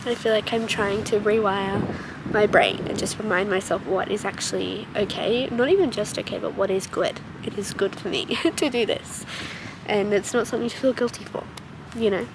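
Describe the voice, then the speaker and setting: A woman's voice: medium pitch, normal speed, background noise. A young woman chatting casually to the camera in an upbeat, gushing vlog. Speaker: vlogger. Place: outdoors in a park, then at home.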